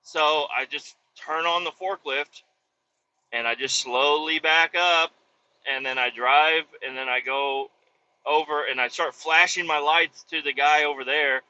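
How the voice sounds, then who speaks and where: A man's voice: a little high, measured pace, muffled recording. A man from Kansas, a truck driver, telling profane, rambling stories from his cab while driving and acting out the voices of people he quotes. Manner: profane, animated, acts out quotes. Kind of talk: casual rambling storytelling.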